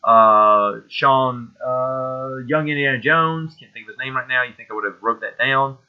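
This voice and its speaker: A man's voice: mid-range voice, measured pace, clean tone, phone-quality sound. A man hosting a casual solo movie show, talking with enthusiasm and rambling as he fishes for names. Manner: enthusiastic, rambling, loses names mid-sentence. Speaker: host.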